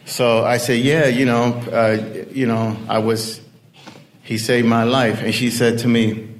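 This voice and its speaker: A man's voice: medium pitch, flat delivery, measured pace, slight background noise. A man telling a personal story in a casual, rambling way, full of "you know" fillers.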